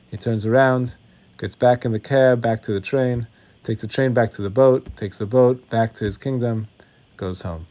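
A man preaching as a rabbi, telling a parable that he acts out, with his voice dropping to hushed tones. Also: medium pitch, moderate pace. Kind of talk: sermon with parable.

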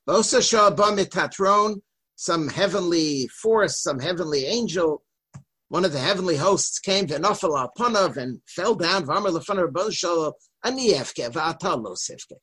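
Husky man teaching a religious text. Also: high voice, bright, forceful tone. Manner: quick reading of Hebrew with translation. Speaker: Torah teacher.

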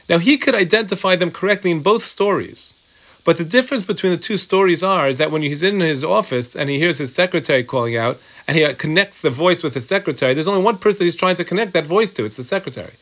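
Teaching a Torah class, a man reads from Hebrew and Aramaic texts and unpacks them in English, going over examples aloud in a repetitive way, as a Talmud teacher does. His voice is on the high side and a bit bright.

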